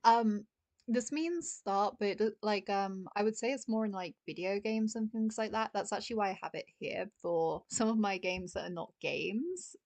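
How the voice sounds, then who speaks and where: A young British woman teaching a casual beginners' language lesson, chatty and laughing often, slowing down to pronounce words clearly. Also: medium pitch, a little mellow, no echo. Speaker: Japanese teacher.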